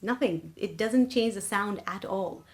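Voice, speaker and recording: Speaking a little slowly in a mid-range voice, a female singing teacher works through a vocal lesson. She explains, confirms with "right?" and "okay?", and then demonstrates by singing short phrases.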